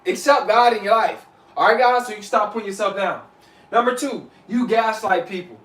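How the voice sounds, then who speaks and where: A man with a high voice giving casual, preachy advice to his viewers and calling them y'all. He circles back to his points and keeps checking in with his listeners. He sits a little back from the mic, and the room adds a hollow echo. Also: moderate pace, fairly bright tone, distant mic. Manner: preachy, repeats "you know what I'm saying", addresses viewers as y'all. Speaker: vlogger. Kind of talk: casual motivational talk to camera.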